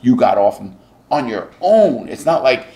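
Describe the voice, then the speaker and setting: A man's voice: mid-range voice, sing-song, moderate pace, warm tone. A middle-aged man interviewing a guest, blunt and emphatic, swearing freely. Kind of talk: casual interview.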